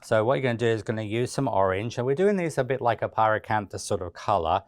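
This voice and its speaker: Man, deep voice, dry close sound, chatty tutorial, fillers and restarts. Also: animated, fast, dry recording. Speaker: cake decorating instructor. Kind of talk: relaxed step-by-step tutorial narration.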